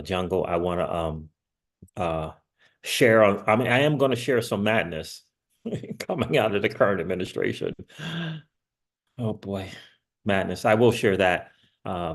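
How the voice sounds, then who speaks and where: Male channel host, casual and rambling, animated with frequent laughs and sudden excited rises in pitch. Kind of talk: casual livestream commentary.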